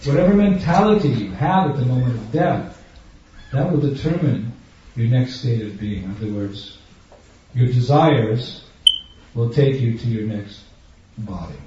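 A man's voice: mid-range voice, mellow. A man giving a sermon to an audience, emphatic and questioning, acting out little everyday scenes. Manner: acts out everyday scenes in different voices. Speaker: spiritual teacher. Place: large room with an audience. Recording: dull, echoey hall, far from the mic.

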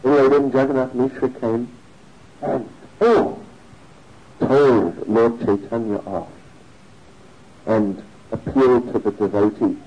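A man telling a religious story in a sermon, animated and given to chuckling. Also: mid-range voice, takes it slowly, long pauses. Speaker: religious speaker. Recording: dull lo-fi recording.

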